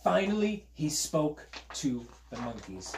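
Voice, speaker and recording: A man's voice: medium pitch, expressive, measured pace, noisy background. Playful man reading a storybook aloud. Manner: playful, chatty, invites listeners to join in. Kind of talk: storytime read-aloud for children.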